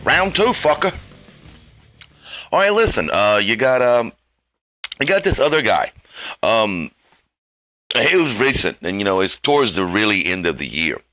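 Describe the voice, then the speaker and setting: A man rants with heated, profane sarcasm, his voice bright and forceful. His pitch swings widely as he talks. The sound is dry and close. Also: sing-song, measured pace, pauses often, dry recording, faint music behind. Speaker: commentary host. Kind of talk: ranting commentary.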